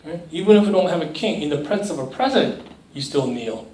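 Young male preacher, high voice, echoey room. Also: lively intonation, fast, dark tone. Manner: conversational, asks the crowd "right?" often, mimics voices. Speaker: youth pastor. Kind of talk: sermon. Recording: echoey room, mic at a distance.

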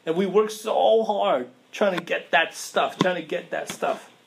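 A man delivers a sermon in a relaxed, conversational style, tossing rhetorical questions to his listeners and leaning on everyday slang. His voice sits a little higher than most men's. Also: measured pace, vocal fry, a little hiss or hum. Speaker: preacher.

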